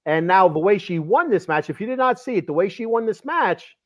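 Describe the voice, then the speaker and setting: A man's voice: sits high, brisk. Podcast co-host, man, raised voice, keen and chatty, muffled lo-fi mic. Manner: excited, repeats words when worked up. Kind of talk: casual wrestling chat.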